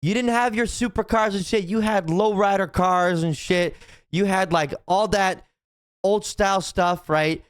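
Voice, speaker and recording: Young man, streamer, casual profane rant, stumbles and repeats himself, a bit high-pitched, dry mic. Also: steady tone, unhurried, clear, resonant tone, no room sound. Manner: rambling, profane, many restarts and repeated "right?". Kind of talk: casual opinion chat to stream chat.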